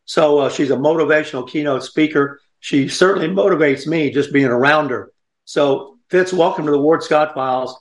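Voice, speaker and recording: A man's voice: a little high, normal speed, reverberant. An older man hosting a radio talk show, chatting in a folksy, rambling way and laughing often. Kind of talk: casual radio chat.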